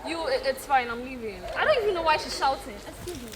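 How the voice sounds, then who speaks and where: A woman, playing a young woman who defends herself, puzzled and quick. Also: sits high, expressive. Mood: defensive. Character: calm young woman accused by a wife. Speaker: comic actor. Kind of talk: skit acting. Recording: loud background noise.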